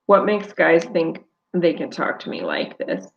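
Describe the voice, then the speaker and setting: A woman's voice: low-pitched, sing-song, unhurried, vocal fry, dull audio. A woman author reading her novel aloud live, narrating steadily in first person.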